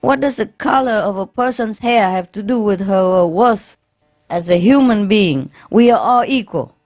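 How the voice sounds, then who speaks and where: A woman's voice: medium pitch, moderate pace, darkish tone, voice pushed up, close to an everyday voice. A woman acting an indignant blonde heckler. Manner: exasperated, protesting.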